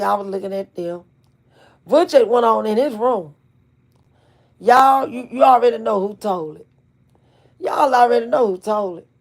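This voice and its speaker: Woman, middle-aged, folksy storyteller, somewhat high voice, animated, salty language. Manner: animated, folksy, swears freely, addresses viewers as y'all. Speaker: channel host. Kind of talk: casual storytelling to viewers.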